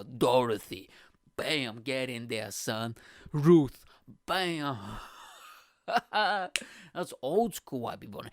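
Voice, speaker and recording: A man's voice: mid-range voice, clean tone, no room sound, clean studio sound. A man hosting his own podcast, rambling from tangent to tangent with a joking, heavily profane manner. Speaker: podcast host. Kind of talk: casual solo podcast rambling.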